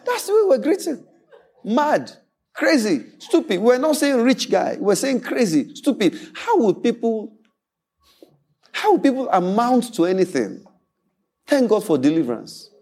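A male pastor delivers a sermon through animated storytelling, acting out quoted voices and laughing often. His voice sits high and moves a little slowly.

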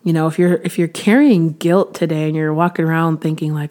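A woman's voice: low-pitched, steady tone, a little fast, few pauses, a little mellow. A woman in her thirties giving a casual devotional talk to camera. She sounds earnest and chatty, with frequent restarts and sudden bursts of preacher-like emphasis. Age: 30s. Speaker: Christian vlogger sharing devotional encouragement.

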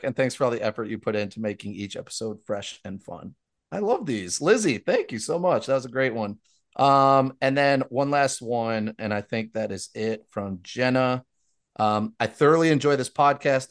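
A young adult man hosting a casual podcast, reading listener reviews aloud and dropping quick asides between lines. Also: mid-range voice.

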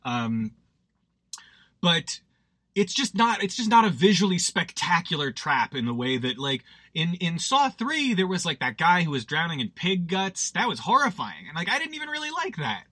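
A man's voice: high voice, sing-song, normal speed, sharp tone, no echo. A man hosting a podcast, recapping a horror movie in a rambling, self-deprecating way with lots of asides. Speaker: podcast host.

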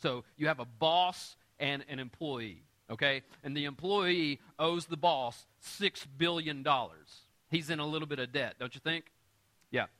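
A man's voice: on the high side, measured pace, sharp tone. A man preaching a sermon as pastor, explaining scripture in everyday terms with light humor and often checking in with his listeners. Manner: conversational preaching with frequent audience check-ins.

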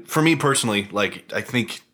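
A man's voice: mid-range voice, animated, a bit bright. A man co-hosting a podcast, giving his frank opinion of a film in loose, slangy talk. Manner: quick, casual, slangy. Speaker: podcast co-host. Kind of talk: casual film review chat.

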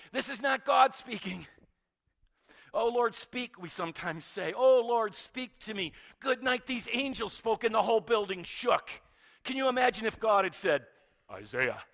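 Male pastor, high voice, dramatic sermon delivery with loud and hushed turns. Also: vocal fry. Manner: dramatic swings from loud to hushed, repeats words.

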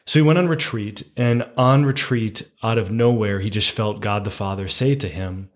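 A man, a priest, earnestly telling a story about forgiveness in a faith conversation, with lively emphasis on key moments. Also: lowish voice, moderate pace, hardly any pauses.

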